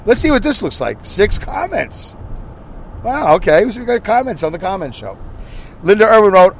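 A man's voice: high voice, very animated, moderate pace, slight background noise, low-quality recording. A man hosting his podcast from inside his car, reading listener comments in a rambling, self-mocking way. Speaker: podcast host. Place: inside a car while driving.

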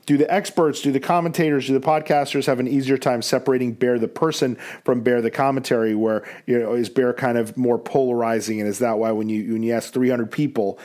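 Male podcast host, mid-pitched, easygoing chatter with plenty of ums. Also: steady tone, a little fast, few pauses, a little mellow. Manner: conversational, many fillers. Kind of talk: casual podcast discussion.

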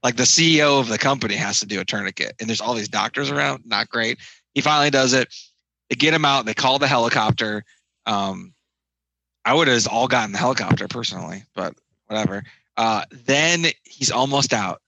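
Wry bright-voiced man, dry close sound. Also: mid-range voice, a little fast, gravelly, no room sound, poor audio. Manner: wry, recaps scenes with dry asides. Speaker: podcast co-host. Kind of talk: casual movie chat.

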